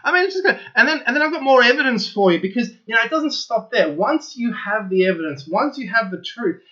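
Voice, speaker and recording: A man with a high, bright voice talks straight to his viewers in an eager, insistent monologue, repeating himself as he presses each point. The recording sounds dull and lo-fi. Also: big pitch swings, fairly quick. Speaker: channel host. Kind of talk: opinionated solo monologue to viewers.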